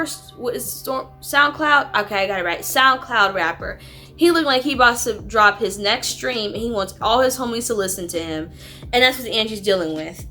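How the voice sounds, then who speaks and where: A woman's voice: fairly high pitch, moderate pace, bright, forceful tone. A woman reviewing a movie in a casual, rambling way, with lots of "like". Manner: rambling, frequent "like". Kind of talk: casual chat. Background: music.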